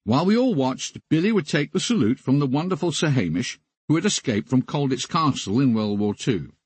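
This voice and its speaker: A man reads his memoir aloud with a husky edge to his voice. His delivery is wry and deadpan, and his pitch rises and falls freely, giving the lines a lively, storytelling lilt. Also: fairly quick, no room sound. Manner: wry, deadpan comic asides. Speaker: memoir narrator. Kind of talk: audiobook memoir narration.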